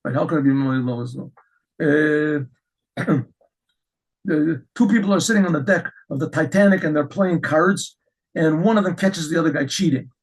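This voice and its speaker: A middle-aged man teaching a Torah lesson as a rabbi, telling stories with lively restarts and repeated words. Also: a little high, normal speed, breathy edge, poor audio. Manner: animated storytelling with frequent restarts.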